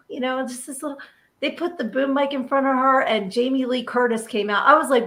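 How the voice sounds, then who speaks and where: A woman hosting a casual podcast, telling animated stories about a film shoot and laughing often. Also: sits high, quick pace. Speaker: podcast host.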